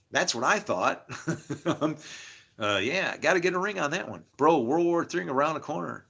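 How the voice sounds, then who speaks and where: Man, middle-aged, bright forceful tone, rambling candid chat, frequent laughs. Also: a little high, expressive, normal speed, gravelly, slightly rough. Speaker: podcast host. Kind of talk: casual personal monologue.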